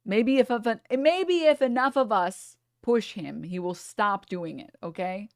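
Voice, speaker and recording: A woman's voice: mid-range voice, measured pace, no room sound. Woman in a stream clip, teasing and emphatic, dry close sound. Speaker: content creator in a played clip. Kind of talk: casual stream chat.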